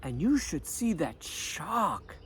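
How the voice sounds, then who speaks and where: A man's voice: fairly high pitch, slow pace, a little hiss or hum. Man telling a life-coaching story. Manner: animated, acts out quoted dialogue. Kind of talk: storytelling monologue.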